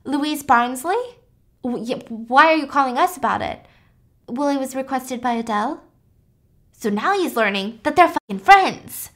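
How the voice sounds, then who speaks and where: A woman hosting a podcast, recapping a story in a casual, animated, chatty way. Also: sits high, normal speed. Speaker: podcast host.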